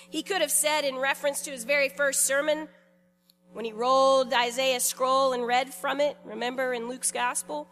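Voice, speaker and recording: A woman pastor giving a sermon in a church in a conversational, lightly humorous way, pausing deliberately between phrases. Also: high-pitched, steady tone, fairly bright tone, faint music behind.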